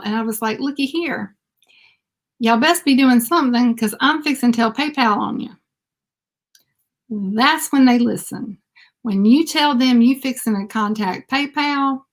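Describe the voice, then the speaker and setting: A woman, chatting casually on a livestream with lots of fillers and laughs. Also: medium pitch. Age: 50s. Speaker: beauty vlogger.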